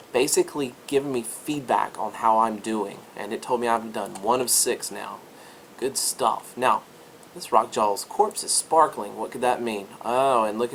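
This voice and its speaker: A man talking through a game tutorial in an upbeat, chatty style, with a voice pitched in the middle range for a man. A faint hiss of background noise sits under his voice. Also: a bit bright. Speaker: teacher demonstrating a game. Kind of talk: screen-recorded game tutorial.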